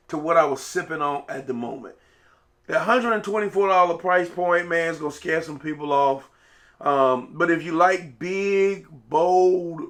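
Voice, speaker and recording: A man's voice: fairly high pitch, a bit bright. A man, casually reviewing a whiskey in a laid-back, rambling way.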